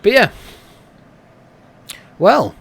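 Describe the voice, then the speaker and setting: A man hosting a podcast on his live stream, chatting casually and laughing often. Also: drawn-out words. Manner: joking, laughs often, lively swings in pitch.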